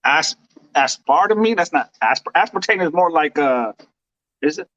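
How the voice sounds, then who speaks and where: A playful American man co-hosting a podcast, often tripping over his words and restarting. His voice is high for a man. The recording is dry and a little muffled. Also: animated, normal speed, a bit bright, dry recording. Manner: playful, stumbles and repeats words. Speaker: podcast co-host. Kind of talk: casual chat.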